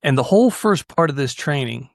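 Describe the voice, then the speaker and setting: This man hosts a podcast and tells stories conversationally, with earnest animation and frequent sentence restarts. He talks a little fast in a fairly high, creaky voice with lively intonation. The studio-quality recording has no room sound.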